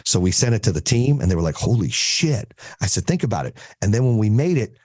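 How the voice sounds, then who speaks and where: A man's voice: fairly low pitch, big pitch swings, quick pace, dark tone, no echo, clean studio sound. A man hosting a podcast, coaching a small group on business in a blunt, profane, storytelling way.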